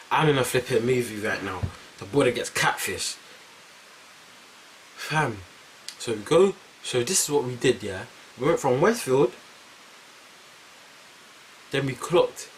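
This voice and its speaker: A young man with a London accent tells a casual storytime, talking at an everyday pitch. He gets animated, repeats his phrases for effect, and leans hard on slang. A faint hiss sits under his voice. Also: low-quality recording. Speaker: vlogger.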